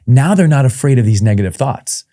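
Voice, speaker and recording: A man, a performance coach, telling lively stories in an interview and acting out the voices of the people he quotes. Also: medium pitch, a little fast. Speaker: performance psychology coach, guest. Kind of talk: interview storytelling.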